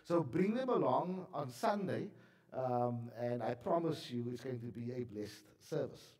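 A man's voice: medium pitch, expressive, measured pace, a little mellow, reverberant. Pastor with a frog in his throat. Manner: chatty, self-deprecating, many fillers. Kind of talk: church announcements. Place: church sanctuary.

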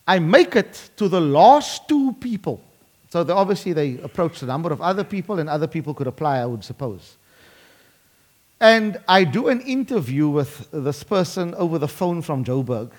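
A man preaching a sermon, emphatic and slowing down dramatically to drive points home. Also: fairly high pitch, sing-song, darkish tone. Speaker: pastor.

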